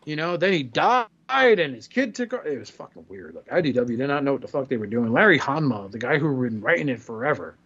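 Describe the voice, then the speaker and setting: A man co-hosting a podcast in casual chat, swearing freely and telling animated stories. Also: medium pitch, quick pace, hardly any pauses, breathy edge, no room sound, highs cut off. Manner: profane, animated storyteller who acts out quotes. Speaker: podcast co-host.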